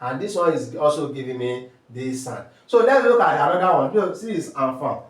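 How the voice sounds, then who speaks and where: A man's voice: a little high, expressive, recorded from a distance. A man with a Nigerian accent teaching French sounds step by step, repeating terms and asking rhetorical questions. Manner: slow, repetitive drilling with rhetorical questions. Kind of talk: step-by-step language lesson. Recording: echoey room, voice from off-mic.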